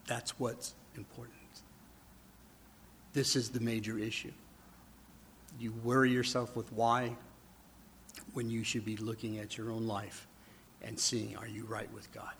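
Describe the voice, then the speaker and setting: A man preaching a sermon in a conversational way, asking the congregation rhetorical questions and dropping to a hush for emphasis. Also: mid-range voice, steady tone, a little slow, pauses often, a little hiss or hum. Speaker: pastor.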